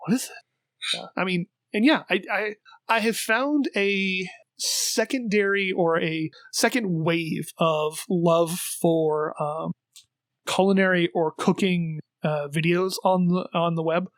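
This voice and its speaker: High-pitched guy rambling on a podcast, lots of uhs and likes, dry close sound. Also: slow pace, no room sound. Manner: rambling, animated, heavy on fillers. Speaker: podcast co-host. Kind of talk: casual chat.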